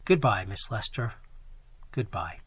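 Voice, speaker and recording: Guy doing a bossy doctor barking orders, loud and lively, kinda husky. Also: medium pitch, normal speed, no room sound. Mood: grave. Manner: loud, commanding, clipped. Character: stern authoritative male doctor, middle-aged.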